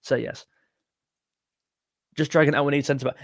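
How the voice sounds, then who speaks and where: A young man hosting a casual fan live stream, excitable and jumpy, talking straight to his chat. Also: a little high, normal speed, creaky, no echo, studio quality. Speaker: football fan channel host.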